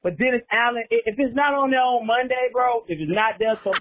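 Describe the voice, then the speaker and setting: A man's voice: very high voice, brisk. A man leaving a heated, swearing voicemail for a show, calling the listener bro and man. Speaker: caller. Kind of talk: phoned-in voicemail rant. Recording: tinny phone line.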